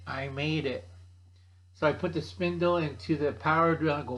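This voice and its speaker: A man in his sixties hosting a casual vlog, gruff and blunt, joking and acting out other people in a higher voice. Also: normal speed, pauses often, a bit bright, slight background noise. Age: 60s. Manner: gruff, blunt, jokey, calls himself by name. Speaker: channel host. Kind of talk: casual rambling chat.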